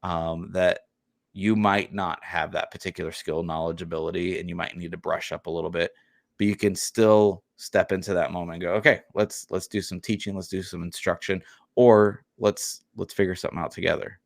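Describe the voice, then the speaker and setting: A man's voice: deep voice, fairly even intonation, fairly quick, vocal fry, no echo, studio quality. A man co-hosting a parenting podcast, talking casually with many fillers and restarts. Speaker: podcast co-host. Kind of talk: casual chat.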